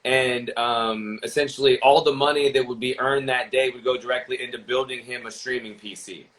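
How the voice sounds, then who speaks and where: A young man chats casually as a podcast guest, telling stories about his streaming work. His voice sits at an ordinary middle pitch. He rambles and restarts sentences often. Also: steady tone, moderate pace, a bit bright, low-quality recording. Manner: rambling, lots of fillers and restarts.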